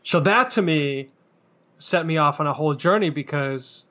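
A man in casual chat, speaking loosely with pauses and casual swearing. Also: a little high, a bit bright. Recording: dull lo-fi sound.

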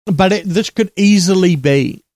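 A man's voice: sits high, darkish tone, no echo. Sex: man. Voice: dry, chatty podcast host. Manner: chatty, quick asides and jokes. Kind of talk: casual film discussion.

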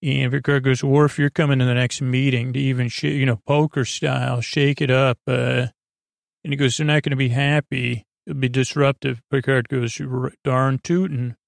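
A man hosting a sleep podcast, giving a rambling, halting recap full of fillers and self-corrections, and paraphrasing dialogue in his own plain voice. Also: mid-range voice, level tone, gravelly, no echo, studio quality.

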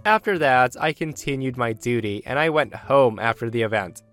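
A man's voice: mid-range voice, normal speed, fairly bright tone, faint music behind. A man hosting a podcast, narrating online stories with chatty asides to listeners. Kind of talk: storytelling narration with commentary.

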